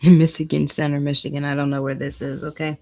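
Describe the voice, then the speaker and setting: A woman's voice: low voice, flat delivery, a little fast, darkish tone. A woman hosting a casual livestream, chatting with viewers and reading weather forecasts aloud. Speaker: livestream host.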